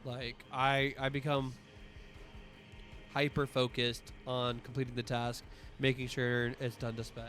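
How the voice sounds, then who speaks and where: A man's voice: mid-range voice, level tone, unhurried, fairly bright tone, soft background music. Rambling, profane man streamer. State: voice strained from allergies. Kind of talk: casual stream chat.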